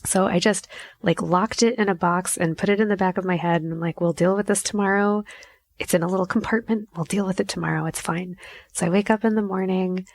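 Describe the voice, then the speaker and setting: Woman podcast host, lowish voice, gravelly fry, candid and self-mocking, swears, close dry sound. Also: fairly even intonation, fast talker, no echo. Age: adult mother. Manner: candid, self-mocking, swears freely, acts out her own inner voice. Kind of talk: casual storytelling monologue.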